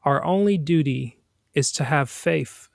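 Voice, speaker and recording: A man hosting a podcast, reading a daily motivational passage aloud in a slow, deliberate way. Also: fairly high pitch, creaky, darkish tone, no room sound, studio quality. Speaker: podcast host.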